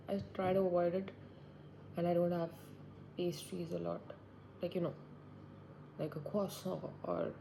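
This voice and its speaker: A woman in her twenties sits indoors by a window, musing aloud to herself in a rambling, reflective solo monologue like a vlogger. Her voice is fairly low, creaky and dark, and the poor recording carries a slight hiss or hum.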